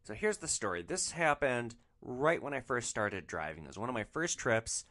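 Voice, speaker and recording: A man hosting a podcast, telling rideshare stories in an animated, profane, exasperated way. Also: mid-range voice, moderate pace. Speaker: podcast host, rideshare driver. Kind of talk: comic storytelling.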